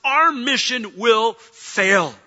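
A man acting out a group of fearful, defeatist male spies in a sermon, shouting and pleading. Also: very high voice, expressive, very slow, muffled recording, heavily acted. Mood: panicked.

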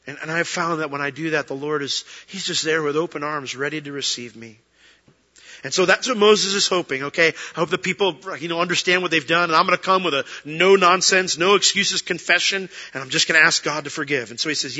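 With a brisk delivery, a middle-aged pastor gives a conversational sermon, voicing quoted prayers and excuses. The recording sounds dull and echoes with a long hall reverb, and his bright, edgy voice sits a bit high for a man.

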